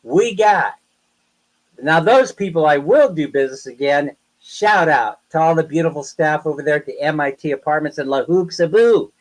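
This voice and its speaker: A man hosting a live stream, rambling through animated stories in casual chat with viewers. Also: fairly high pitch, normal speed, rough recording. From United States. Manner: rambling, animated, chatty storytelling. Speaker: livestream host.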